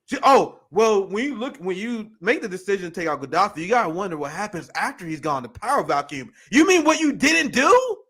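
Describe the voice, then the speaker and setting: A man hosting a livestream, reacting to a video clip with heated, profane, animated ranting. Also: sits high, quick pace, few pauses, husky. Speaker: political commentary host.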